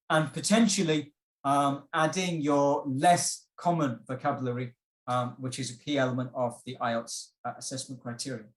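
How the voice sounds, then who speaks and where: In an echoey room, a man with a fairly high voice teaches an online IELTS workshop. His patient explanations and questions to the class are full of fillers and restarts.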